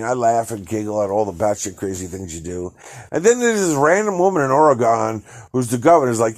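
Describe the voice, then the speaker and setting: A man's voice: on the high side, expressive, a little fast. A middle-aged man hosting a solo podcast, ranting in a profane, exasperated way and laughing in disbelief. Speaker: podcast host.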